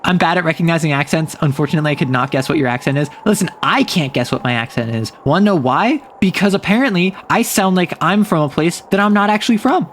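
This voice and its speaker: A man's voice: a little high, lively intonation, quick pace, few pauses, a little hiss or hum. A man chatting casually while streaming a game, rambling and saying "like" often. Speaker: VTuber streamer. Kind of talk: casual gameplay stream commentary.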